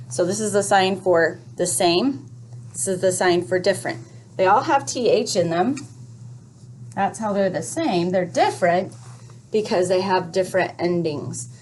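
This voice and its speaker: A woman explaining a first grade reading lesson to parents, speaking clearly and patiently, step by step. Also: mid-range voice, a little mellow, a little hiss or hum.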